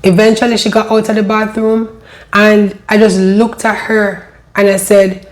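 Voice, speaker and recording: A woman with a lilt and a mid-range voice tells her own life story in a steady, level tone that seldom rises or falls. She sounds emotional and halting, looping back to repeat her words.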